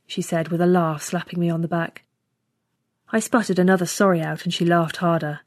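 A woman's voice: on the low side, fairly quick, no room sound, studio quality. Woman reading a story aloud. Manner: steady first-person storytelling. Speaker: story reader. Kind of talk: scripted narration.

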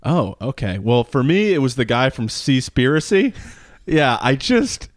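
Man, comedy podcast co-host, rambling, swearing, very lively pitch, dry close mic. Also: measured pace, dry recording. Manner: rambling, jokey, swearing, swings into high silly voices. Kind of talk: casual comedic podcast chat.

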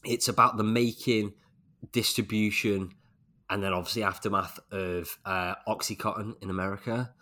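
A man's voice: lowish voice, fairly even intonation, normal speed, bright, forceful tone. A man co-hosting a podcast, chatting casually and joking about what he watches. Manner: chatty, jokey, laughs often. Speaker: podcast co-host. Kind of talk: casual chat.

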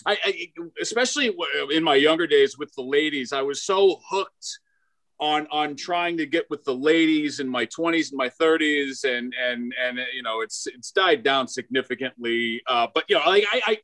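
A man in his forties doing a stand-up comedy set, hyper and excitable, stumbling over repeated words as he talks. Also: a little high, normal speed. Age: 40s. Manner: hyper, excitable, stammering restarts. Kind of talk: stand-up set at an open mic. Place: comedy club stage.

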